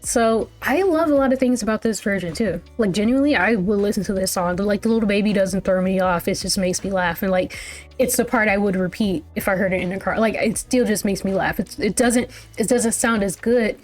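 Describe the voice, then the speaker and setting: A woman's voice: mid-range voice, a little fast, faint music behind. Chatty woman rambling through a reaction. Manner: rambling, chatty, full of "like" and restarts. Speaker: music reaction channel host. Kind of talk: casual reaction commentary.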